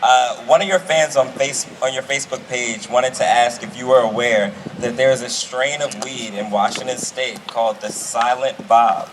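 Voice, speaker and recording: A man's voice: medium pitch, fairly even intonation, moderate pace, hardly any pauses. Q&A moderator man, noisy room. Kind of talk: hosting an audience Q&A. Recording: distant mic with background noise.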